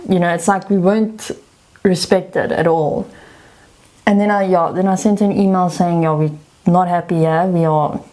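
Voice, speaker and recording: A young woman vlogger casually telling a story, retelling a frustrating job with animated energy. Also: on the low side, moderate pace.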